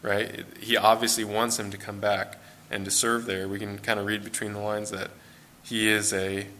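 Bright-voiced American preacher, low pitch. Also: male voice, little pitch movement, normal speed, a little hiss or hum. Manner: conversational, with fillers and self-corrections. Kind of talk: sermon. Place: church.

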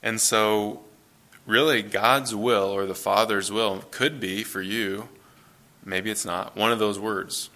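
A man in his thirties, a pastor, reading scripture and then preaching in a relaxed, conversational way in a church. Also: fairly low pitch, slow pace. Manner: conversational, relaxed, self-correcting.

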